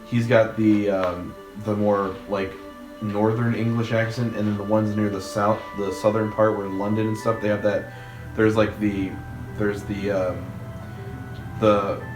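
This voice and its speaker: Rambling low-voiced man, roomy noisy recording. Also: unhurried, over music. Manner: rambling, many fillers and restarts. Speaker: let's play host. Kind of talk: casual chat over gameplay. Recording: roomy room with steady background noise.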